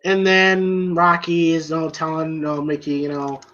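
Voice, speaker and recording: Bright-voiced man rambling through a movie review. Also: on the high side, completely flat delivery, moderate pace, few pauses, muffled recording. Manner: rambling, amused retelling.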